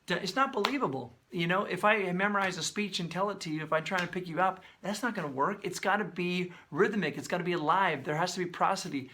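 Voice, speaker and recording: A man breaking down a song's lyrics in casual, animated video commentary, sometimes singing and beatboxing snippets. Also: high voice, quick pace, hardly any pauses, a little hiss or hum. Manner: animated, talks with his hands, sings and beatboxes snippets; conversational, many fillers. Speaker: songwriter breaking down a song.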